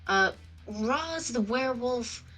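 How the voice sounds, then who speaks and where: A woman's voice: a little high, lively intonation, slow pace, a bit bright, soft background music. A woman playing a tabletop game, chatting casually and rambling with many fillers. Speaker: player.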